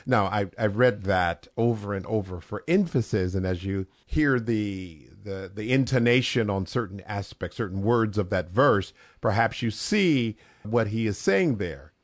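A man, a pastor guest on a radio program, preaching in a measured, emphatic way that lifts on key phrases. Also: fairly low pitch, expressive, dry recording. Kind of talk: preaching on a radio talk show.

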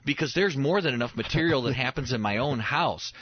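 A man's voice: medium pitch, lively intonation, a little fast, slightly rough, dry recording, muffled recording. A man in his thirties, a pastor and show host, chatting casually and telling family stories with frequent chuckles and restarts. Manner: storytelling, chuckles often, restarts mid-phrase. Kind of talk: casual chat on a talk show.

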